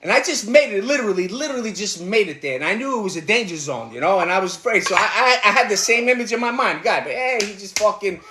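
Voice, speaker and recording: A man's voice: high voice, expressive, quick pace, few pauses, sharp tone, roomy sound, a little hiss or hum. A middle-aged man with a New York accent, ranting bluntly and rambling with profanity while cooking in his kitchen. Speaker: livestream host. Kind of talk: casual rant while cooking. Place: home kitchen.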